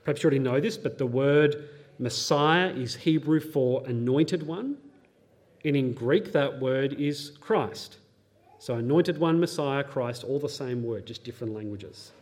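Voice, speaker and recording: A young man delivers a sermon in an earnest, teaching tone, his voice sitting a little on the high side. He reads scripture passages aloud and explains them plainly, now and then slipping in a nerdy pop-culture aside. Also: a little mellow. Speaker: pastor.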